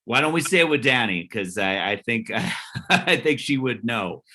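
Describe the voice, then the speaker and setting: A man's voice: mid-range voice, animated, unhurried, pushed and bright. A man hosting a comedy battle on a video call, introducing acts with upbeat jokes. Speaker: show host.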